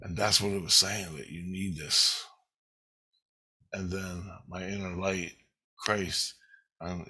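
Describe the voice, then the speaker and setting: A man's voice: low voice, fairly even intonation, takes it slowly, long pauses, bright, forceful tone, slightly rough, poor audio. A man in his fifties giving a rambling first-person account of a spiritual experience, intense and emotional, swearing heavily. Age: 50s. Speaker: vlogger recounting a spiritual experience.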